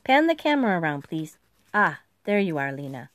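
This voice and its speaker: A woman voicing a brisk, chatty male doctor in an audiobook. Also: on the low side, very animated, no room sound. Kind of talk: audiobook dialogue.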